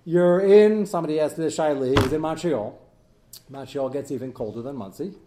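This is a man leading a Talmud class in a classroom full of students. His voice sits a touch high. He keeps it lively, with asides and jokes, and his pitch and loudness leap for emphasis before settling back down. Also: moderate pace, noisy background. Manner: animated, swings in pitch and loudness; mixes in Hebrew and Yiddish study terms. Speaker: rabbi teaching a Talmud class.

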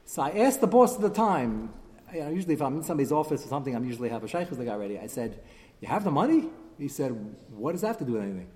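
A man teaching a lively religious class, telling anecdotes with animated, exasperated emphasis. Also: medium pitch, very fast. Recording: long hall reverb.

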